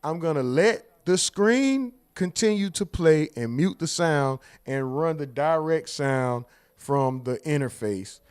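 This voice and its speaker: A man hosting a livestream in casual chat, telling jokes and acting out exchanges with sudden loud outbursts, speaking. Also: a little high, slow, clear, resonant tone. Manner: animated joking storyteller, acts out exchanges with loud outbursts. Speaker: livestream host.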